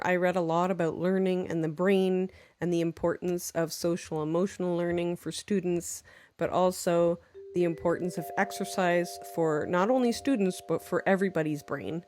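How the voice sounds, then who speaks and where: A woman teacher giving an unscripted walkthrough of her classroom games. She talks in a chatty, playful way, drops in quick French examples, and teases herself in small asides. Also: fairly low pitch. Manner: jumps into lively French examples while explaining.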